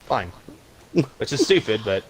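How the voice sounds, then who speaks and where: A man's voice: lowish voice, sing-song, a little slow, a little hiss or hum, low-quality recording. A man co-hosting a podcast, talking in a rambling, opinionated casual way. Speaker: podcast co-host. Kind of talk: casual chat.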